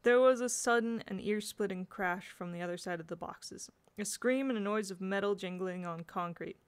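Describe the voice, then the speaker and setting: A woman's voice: medium pitch, normal speed, clear, resonant tone. Woman narrating a storybook, unpolished amateur reading. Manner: unpolished, occasional slips and restarts. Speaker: audiobook reader.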